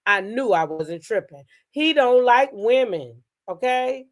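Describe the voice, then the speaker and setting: This gossip show host has a fairly high, expressive voice and talks slowly. Sassy, blunt and quick to curse, she speaks straight to her viewers in a casual commentary style.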